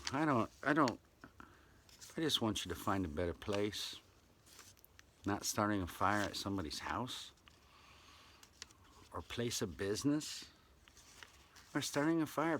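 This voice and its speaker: Slow-talking man hosting a rambling show. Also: mid-range voice, expressive, noisy background. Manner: rambling, exclaims often, slips into silly voices. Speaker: show host. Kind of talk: casual solo talk show monologue.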